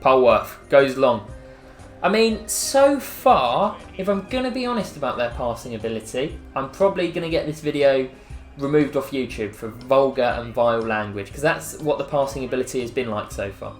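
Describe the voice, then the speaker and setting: An English man talks through a football video game in a chatty, self-mocking way, quick to get excited. His mid-pitched voice rings in an echoey room. Faint music plays under him. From England. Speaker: gaming YouTuber. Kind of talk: casual gameplay commentary.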